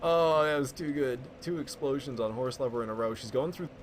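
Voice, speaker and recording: A man's voice: medium pitch, fairly quick, a little hiss or hum. A man giving play-by-play commentary on a boss fight in a video game. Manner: calm play-by-play, perking up at big moments. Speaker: gameplay commentator. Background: game music.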